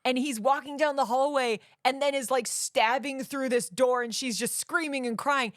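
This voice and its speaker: A woman talks through a movie in casual, emphatic podcast chat, dropping "like" often. Her voice sits on the higher side. The sound is close and dry. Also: fairly even intonation, moderate pace, no room sound. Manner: chatty, emphatic, says "like" often. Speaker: podcast co-host.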